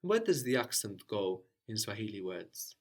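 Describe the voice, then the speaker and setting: A man teaching a language lesson, patient and prompting, often checking understanding with a quick "no?". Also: fairly low pitch, very animated.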